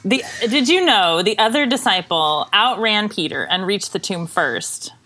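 A woman pastor in midlife, chatting on a podcast in an unhurried, easygoing way. Her voice is bright and clear, sitting a little high and swinging widely in pitch. She jokes around and laughs often. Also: animated. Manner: laughs often, playful and joking. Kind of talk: casual podcast chat.

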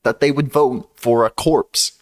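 A man's voice: mid-range voice, steady tone, unhurried. A man co-hosting a casual chat, opinionated and rambling, swearing freely.

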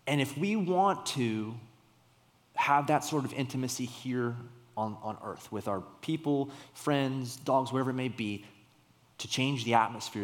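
A young man gives a sermon in a casual, storytelling way, his voice sitting in the middle of the male range. He breaks into sudden emphatic bursts now and then. Long reverb from a church hall trails behind every word. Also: medium pitch. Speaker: pastor.

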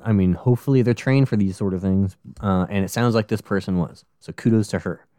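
Talking a little fast, a man co-hosting a casual true-crime podcast walks through the case with easygoing, jokey asides that include swearing. His voice is low, smooth and resonant, recorded close and dry.

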